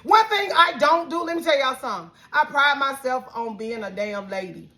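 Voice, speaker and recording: A woman with a Southern accent, high-pitched and bright, rants in an outspoken, heated way with a lot of cursing. Her voice swings between shouting and near tears as she vents to the camera. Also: expressive, moderate pace. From Alabama. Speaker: vlogger. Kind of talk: emotional venting rant.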